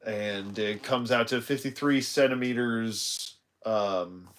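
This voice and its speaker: A man's voice: lowish voice, slow, a bit bright, a little hiss or hum. A tired man chatting casually while he unboxes a toy live, rambling with self-deprecating asides. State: tired, yawning.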